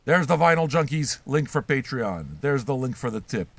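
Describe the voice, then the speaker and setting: Loud, crude older man ranting. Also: medium pitch, very animated, moderate pace, creaky, no room sound. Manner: crude, shouting, mocking. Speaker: host reacting to records. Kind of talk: casual profane rant.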